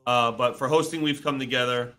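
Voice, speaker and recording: A man co-hosting a casual livestream, talking in a loud, excitable, hype-filled way. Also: medium pitch, fairly quick. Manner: loud, excitable, pleading and hyping. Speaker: co-host, mining business owner.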